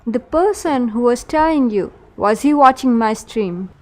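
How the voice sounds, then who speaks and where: In casual voice chat, a woman who admins a game server speaks unhurriedly in a voice on the high side. She questions players, insists on being heard, and tries to calm things down.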